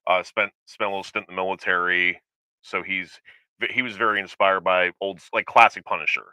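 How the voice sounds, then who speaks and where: A man's voice: low-pitched, flat delivery, fairly quick, sharp tone, smooth, dry recording, rough recording. A man co-hosting a casual chat show, rambling and hesitant with lots of fillers and restarts. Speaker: podcast co-host.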